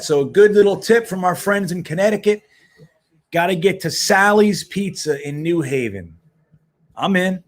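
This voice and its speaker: A man hosting a casual live stream, chatting loosely and reacting to plays as he talks with viewers. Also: high voice. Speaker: livestream host. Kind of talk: casual live watch-along chat. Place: home in Miami.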